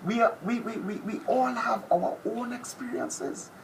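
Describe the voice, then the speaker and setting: A man doing an impression of a brash, boastful male TV personality, with a theatrical, drawn-out delivery that drops to whispers. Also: extremely high pitch, vocal fry, voice pushed up, exaggerated voice. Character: brash boastful male TV personality, self-proclaimed top predator. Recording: noisy background ambience.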